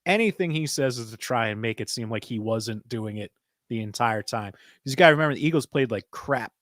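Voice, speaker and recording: A man co-hosting a casual chat show, slightly hoarse, telling animated stories and laughing often. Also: medium pitch, a little fast, no room sound, clean studio sound. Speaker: podcast co-host.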